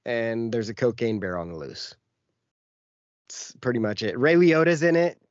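He's a podcast co-host whose mid-range voice has a sing-song lilt, and he moves at normal speed through a long, casual story stuffed with fillers. Expect a muffled recording without echo.

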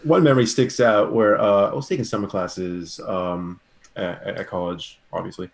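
A man with a lowish voice tells a personal story to friends. He stalls and repeats words, then pushes on. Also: fairly even intonation, normal speed, vocal fry. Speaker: guest. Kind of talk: casual storytelling.

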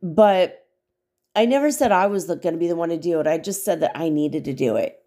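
A woman's voice: fairly low pitch, expressive, fairly quick, dark tone. A woman hosting a spiritual podcast, telling a casual, rambling story with frequent laughs and casual swearing. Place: small studio apartment.

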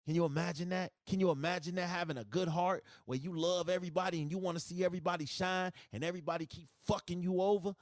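A man's voice: high-pitched, fairly even intonation, quick pace, few pauses, no room sound, studio quality. A man hosting a solo podcast, ranting in a profane, emphatic, repetitive way with speech. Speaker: podcast host.

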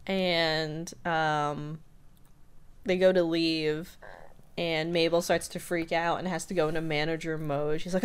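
A woman's voice: sits low, smooth. Giggly woman recapping a cartoon. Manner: animated retelling, quick voice switches for quotes, frequent giggles. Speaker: podcast co-host. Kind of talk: casual episode recap chat.

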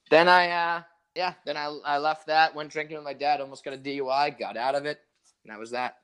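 A young man with a slightly high voice rambles through a story on a casual podcast, swearing freely and acting out each quote. He sounds loose and laid-back. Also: fairly quick, a bit bright, smooth. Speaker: podcast co-host.

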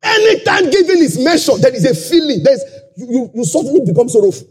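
A man preaching at a conference with a husky, strikingly high voice. His pitch jumps around a lot as he moves from shouted points to quiet asides, often repeating himself for emphasis. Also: very animated, fast talker. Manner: swings from shouting to low asides, repeats phrases. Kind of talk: sermon.

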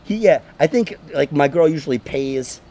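Man, thirties, podcast host. Gravelly, lively delivery with lots of swearing. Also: on the high side, normal speed. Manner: swearing, animated storytelling with voices. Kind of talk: casual podcast chat.

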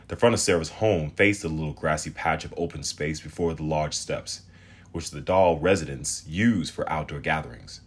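Deep husky man reading a fantasy audiobook, expressive and measured. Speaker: audiobook narrator. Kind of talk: scripted narration.

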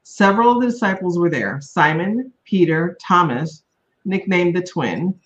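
A woman's voice: on the low side, measured pace. Woman reading scripture, muffled sound. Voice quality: steady, plain reading. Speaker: scripture reader. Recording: dull, lo-fi sound.

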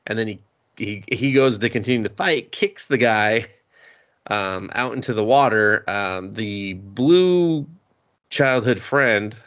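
On a podcast, a co-host casually rambles through an anime recap, laughing and acting out the characters' lines with lots of cursing. He has a fairly low pitch and fairly bright tone, speaks slowly, and the sound is lo-fi.

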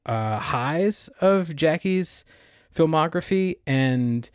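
A man's voice: a little high, animated, takes it slowly, clean tone, no echo, clean studio sound. A man co-hosting a podcast, chatting enthusiastically about a film, with plenty of "um" and "uh" as he thinks aloud. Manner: enthusiastic, hedging with fillers. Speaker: podcast co-host. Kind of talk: casual film discussion.

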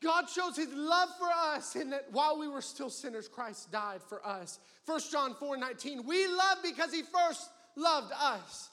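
A man preaching a sermon as campus pastor, swinging between loud calls and hushed pleading. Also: very high voice, lively intonation, unhurried, few pauses. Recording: long hall reverb.

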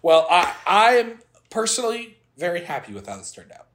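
Man, casual podcast banter, crude teasing, frequent laughs, lively pitch, slightly high, echoey room. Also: fairly quick. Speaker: podcast co-host ranking pastas.

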